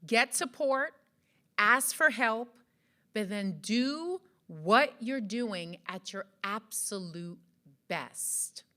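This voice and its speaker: An animated woman from Jamaica speaks slowly and earnestly to an audience at an event. Her bright, fairly high voice rises and falls, and she asks many rhetorical questions. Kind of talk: motivational speech to an audience. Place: event hall.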